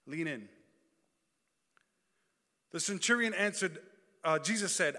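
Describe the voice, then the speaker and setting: A man's voice: on the high side, expressive, slow pace, sharp tone. A man preaching a sermon, reading scripture aloud and then calling out to the congregation. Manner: reads scripture then preaches with call-and-response. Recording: long hall reverb.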